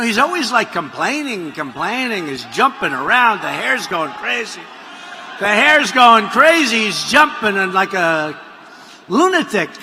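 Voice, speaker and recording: A man's voice: high-pitched, sharp tone, slight background noise. Boisterous man giving a rambling rally speech. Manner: rambling, mocking, repetitive asides. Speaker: politician speaking at a rally. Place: large rally venue. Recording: reverberant hall audio.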